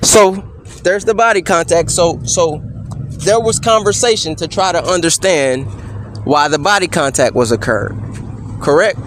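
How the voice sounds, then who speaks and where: A man cross-examining a police officer, firing off measured, insistent leading questions and tagging many with "correct?". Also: a little high, fairly bright tone, slight background noise. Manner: pointed leading questions, repeatedly asking "correct?". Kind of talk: courtroom-style cross-examination.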